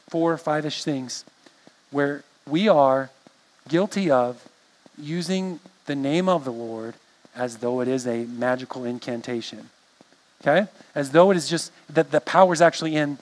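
A man's voice: fairly high pitch, poor audio. A man preaching a sermon in a conversational way, often restarting phrases and checking in with the congregation. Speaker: pastor.

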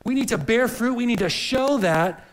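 High-voiced earnest preacher man. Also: expressive, moderate pace, slight background noise, rough recording. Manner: earnest, repeats words while searching for phrasing. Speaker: pastor. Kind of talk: sermon.

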